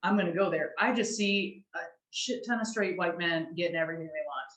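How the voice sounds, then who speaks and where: A woman's voice: on the low side, brisk, fairly bright tone. Life coach guest, woman, blunt and candid, roomy echo around her voice. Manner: frank, candid, swears casually. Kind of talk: casual chat.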